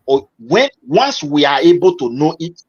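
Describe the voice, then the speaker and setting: Earnest Nigerian male caller, husky tone, muffled dry phone-in sound. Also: on the high side, sing-song, moderate pace, a little mellow. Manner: earnest, repeats himself, pushes on when cut off. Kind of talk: call-in political discussion.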